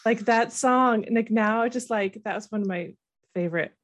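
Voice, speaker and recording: A woman's voice: a little high, normal speed. Chatty enthusiastic woman host. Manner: chatty and enthusiastic, many fillers. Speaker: podcast host. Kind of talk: casual interview chat.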